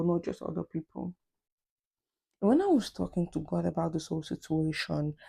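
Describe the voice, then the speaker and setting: A woman's voice: on the low side, vocal fry, mellow, slightly rough. A young woman vlogger speaking casually and earnestly to her camera, telling a personal story with many fillers.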